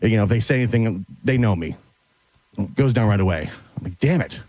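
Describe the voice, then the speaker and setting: Animated, breathless man telling a story. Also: on the low side, fairly quick, dry recording. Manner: excited, retells a confrontation with lively quoted voices. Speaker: show regular. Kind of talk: animated storytelling on a radio show.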